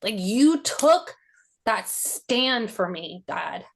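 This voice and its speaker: A woman hosting a podcast interview, recalling a personal memory in a reflective, halting way with many fillers, her voice rising as she relives tense moments. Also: medium pitch, animated, creaky. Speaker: podcast host.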